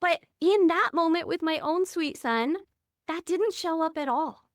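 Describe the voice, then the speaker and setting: A woman's voice: very high voice, a little slow, no echo, clean studio sound. A woman in her thirties, a podcast guest telling personal stories in an earnest, candid way. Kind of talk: reflective interview conversation.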